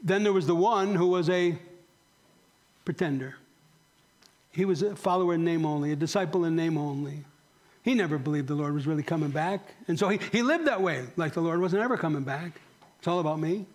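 A male pastor delivers a sermon in a church sanctuary, speaking with earnest conviction. His voice sits a little high for a man. He keeps turning to the congregation with direct questions. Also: brisk.

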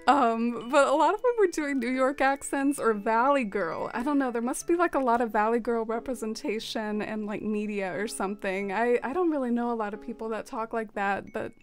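Soft-spoken rambling young woman streamer. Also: fairly high pitch, fairly quick, hardly any pauses. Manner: soft-spoken and rambling, many fillers and trailing off. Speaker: live streamer. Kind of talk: casual stream chat while playing a game.

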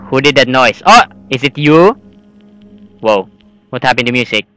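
A man giving rambling horror gameplay commentary as a channel host, excitable and breaking into yelps and screams. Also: mid-range voice, normal speed, long pauses, faint music behind, low-quality recording.

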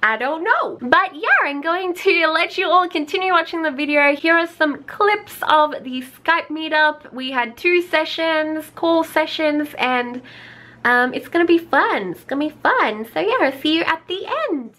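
Give me a giggly, excitable young woman vlogging on a webcam, with a bright, tense voice. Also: sits high, measured pace. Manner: giggly and excitable, squeals and gasps. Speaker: YouTuber host. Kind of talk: casual vlog talk and fan video calls.

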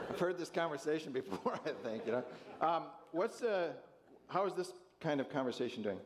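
A man's voice: a little high, expressive, moderate pace, noisy background. A man pastor leading an interactive sermon with volunteers, jovial and chuckling as he asks the congregation questions.

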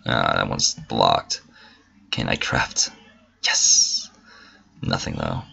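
A man's voice: rumbling low, takes it slowly, vocal fry, pushed and bright, highs cut off, slight background noise. A man casually commentating a gameplay video, swearing freely and making mock-indignant asides. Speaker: gamer. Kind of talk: casual let's-play commentary.

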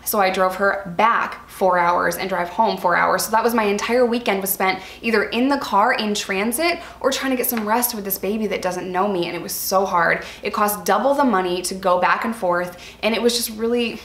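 A woman's voice: medium pitch, normal speed, few pauses, fairly bright tone, slight background noise. Earnest woman vlogger, roomy echo. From New York. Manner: earnest, chatty, addresses viewers as "you guys". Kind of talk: candid personal storytelling to viewers.

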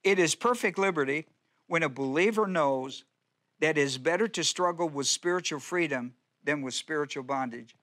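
A middle-aged man delivers a sermon in the loose, conversational way of a Bible-study teacher. His voice sits a little high and sounds bright and forceful. He often repeats and restarts his phrases and poses rhetorical questions to his listeners. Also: normal speed. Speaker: pastor.

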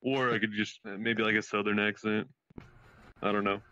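A man with a bright, slightly pressed voice chats casually with friends in a virtual world. He rambles, restarts his sentences and laughs easily. His voice comes through a dull, lo-fi game mic. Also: lowish voice, little pitch movement, normal speed. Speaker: streamer exploring a virtual world. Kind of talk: casual chat.

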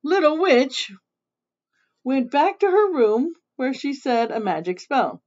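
A woman's voice: sits high, lively intonation, unhurried, darkish tone. A woman reading a picture book aloud in a casual way, often stopping to explain things. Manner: chatty, stops to explain and laugh. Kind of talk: casual read-aloud storytelling. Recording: dull lo-fi recording.

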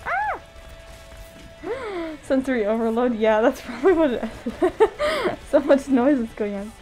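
A woman's voice: high voice, very animated, measured pace, warm tone, faint music behind. A woman streaming a game live, chatting bubbly to her chat and laughing often. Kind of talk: live gameplay commentary.

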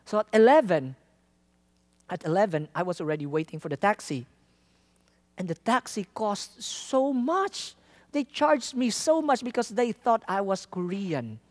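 A man from the Philippines, a traveling missionary telling a lively testimony in a sermon, laughing often and acting out the people in his story. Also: sits high, measured pace. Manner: animated, laughs often, acts out quoted lines.

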